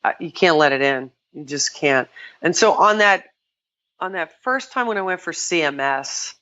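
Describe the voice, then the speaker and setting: Low-voiced older woman telling animated stories. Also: normal speed, lo-fi sound. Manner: animated storytelling, quotes herself, laughs often. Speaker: podcast guest, kettlebell sport athlete. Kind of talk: casual interview chat.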